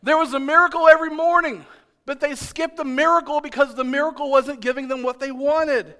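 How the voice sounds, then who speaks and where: A man preaching a sermon as pastor, animated and joking, building to loud emphatic shouts. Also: very high-pitched, brisk. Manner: animated, joking, playfully exasperated.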